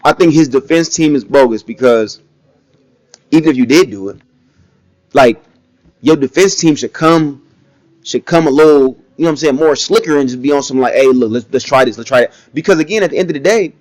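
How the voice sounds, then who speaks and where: A man giving blunt, casual opinion commentary in an animated way, often mocking others with quick impressions. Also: a little high, no echo. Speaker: commentary vlogger.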